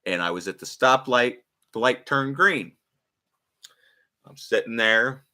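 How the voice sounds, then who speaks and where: A man hosting a livestream, telling a story in casual, profane, animated talk. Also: medium pitch, unhurried. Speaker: livestream host.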